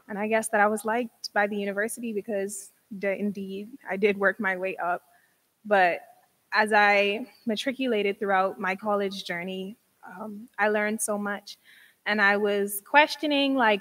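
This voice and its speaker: A woman's voice: medium pitch, fairly even intonation, moderate pace, a bit bright. A young woman, an outgoing university pageant queen, giving a sincere, conversational farewell speech. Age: young adult.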